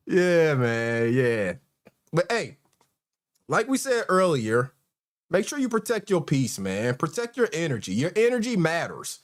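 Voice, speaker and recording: Relaxed male host, a touch high, chatty and quick to laugh with viewers. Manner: laid-back, laughs often, says "man". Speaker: livestream host. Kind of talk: casual chat.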